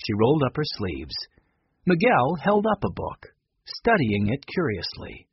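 A man narrating a children's book with measured, expressive storytelling. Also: medium pitch, breathy edge, dry recording. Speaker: audiobook narrator. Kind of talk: scripted narration. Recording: dull, dry recording.

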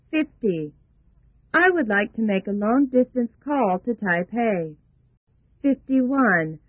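Woman, slightly high voice, slow drill reader, tinny phone-like dry recording. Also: dry recording. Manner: slow, careful, evenly read phrases. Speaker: English phrase reader. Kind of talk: numbered phrase drill for learners.

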